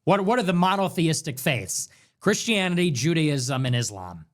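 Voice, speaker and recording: A man's voice: on the high side, very animated, moderate pace. A man hosting a commentary show, reacting to clips in a mocking, sarcastic way and repeating phrases back. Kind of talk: political commentary stream.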